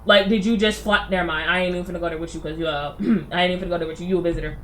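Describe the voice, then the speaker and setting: A woman's voice: on the low side, fairly even intonation, racing, a bit bright, slight background noise. A woman game streamer giving playful, slangy let's play commentary.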